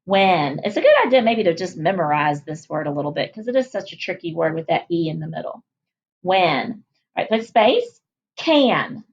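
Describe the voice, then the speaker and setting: A woman teacher leading a phonics lesson for young children, cheerfully sounding out letters and words slowly. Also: on the low side, expressive, lo-fi sound. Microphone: recorded at a whiteboard.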